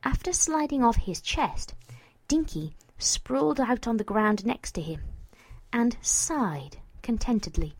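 A woman reading a story aloud as narrator, slow and expressive, at times dropping to a whisper. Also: on the high side, slightly rough, no echo.

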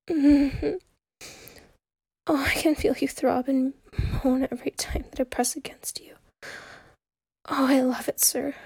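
A woman plays an eager, devoted young secretary in a whispered role-play, pleading in a breathy, intimate hush. Her voice sits high and moves slowly, recorded close and dry with no room around it. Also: no room sound. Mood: teasing whisper.

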